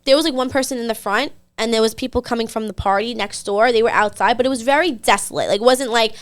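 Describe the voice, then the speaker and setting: A woman's voice: fairly high pitch, fast talker. Chatty New woman telling a story. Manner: animated, chatty, acts out the people she quotes. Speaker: podcast co-host. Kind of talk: casual storytelling.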